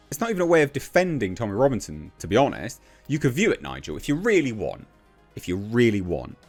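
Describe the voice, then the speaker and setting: Blunt, mocking low-voiced man. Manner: blunt, exasperated and mocking, with sarcastic asides. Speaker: political commentary podcaster. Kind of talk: casual political rant.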